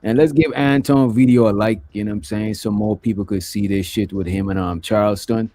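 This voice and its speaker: A man's voice: fairly low pitch, fairly even intonation, fairly quick, mellow, a little hiss or hum. A man hosting a livestream, talking loosely with lots of filler phrases. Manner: loose, rambling, with frequent "you know what I'm saying". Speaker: livestream host. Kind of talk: casual livestream commentary.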